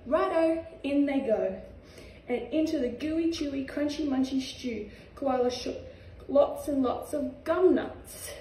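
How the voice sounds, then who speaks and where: Australian woman, young, storybook reading, mellow tone, echoey room heard from a distance. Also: high voice, unhurried, a little hiss or hum. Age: young adult. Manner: gentle, sing-song rhymes. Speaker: reader, footballer. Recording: echoey room, far from mic.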